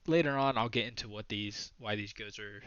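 Bright-voiced man telling a story, lo-fi. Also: fairly low pitch, a little fast, clean tone, no room sound. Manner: loose, profane, self-correcting storyteller. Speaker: podcast co-host retelling a myth. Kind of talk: casual storytelling chat. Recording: dull lo-fi, dry sound.

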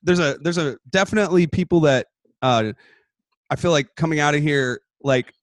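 A male comedian chatting casually with a fellow comic, swearing freely and getting animated as he tells stories. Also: fairly high pitch, normal speed, no room sound. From Texas. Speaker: comedian, podcast host. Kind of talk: casual chat.

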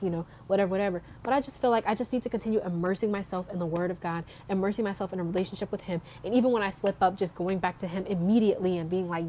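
A woman's voice: medium pitch, fast talker, hardly any pauses, darkish tone, slight background noise. A young woman telling a casual faith testimony outdoors, chatty, with lots of "like" fillers and small laughs. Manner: chatty, frequent "like" fillers, laughs between thoughts. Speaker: faith vlogger.

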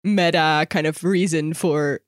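A woman's voice: sits low, fairly even intonation, measured pace, dry recording. Woman, podcast co-host, giggly, enthusiastic, casual chat, dry studio mic. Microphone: studio microphone.

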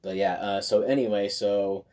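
A man's voice: on the low side, steady tone, normal speed, warm tone. A young man hosting his own podcast, giving a casual, rambling update full of fillers and self-corrections. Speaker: podcast host.

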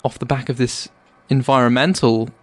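A man co-hosting a comedic podcast, musing in a hesitant, deadpan way. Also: medium pitch, normal speed, dry recording. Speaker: podcast co-host. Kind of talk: casual comedic podcast chat.

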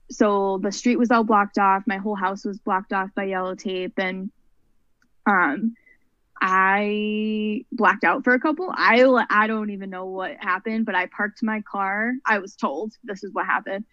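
Brief: young woman guest, earnest rambling storyteller, mid pitch, dull dry recording. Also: fairly bright tone, no room sound. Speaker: guest, mental health advocate. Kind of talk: personal story in a podcast interview.

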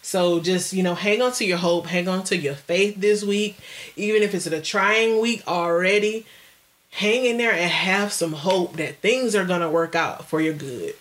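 A woman co-hosting a casual podcast, chatting in a playful, animated way and laughing often. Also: on the low side, normal speed. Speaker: podcast co-host. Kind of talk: casual chat.

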